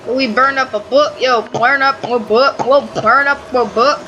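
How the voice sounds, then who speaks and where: A woman casually commenting on her own gameplay, excitable and swearing freely as she talks back at the game. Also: high voice, unhurried, lo-fi sound, slight background noise. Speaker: gaming channel host. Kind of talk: casual let's-play commentary.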